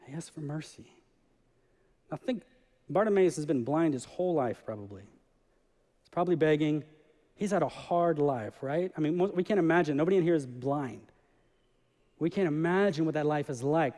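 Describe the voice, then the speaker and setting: A man preaching a lively sermon as pastor of a church, acting out voices from the story as he reads. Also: a little high, moderate pace. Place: church sanctuary. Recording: church hall with long reverb.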